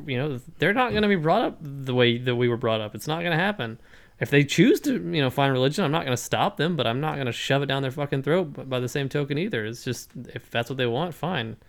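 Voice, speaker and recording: A man's voice: medium pitch, gravelly. A young man in casual chat, blunt and profane, rambling through stories.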